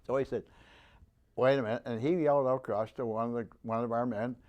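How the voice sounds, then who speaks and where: A man's voice: mid-range voice, fairly even intonation, a little mellow, highs cut off. Veteran in his nineties, interviewee: rambling, stop-start storyteller who acts out the people he quotes. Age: 90s. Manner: halting, rambling delivery with many restarts. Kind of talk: oral history storytelling.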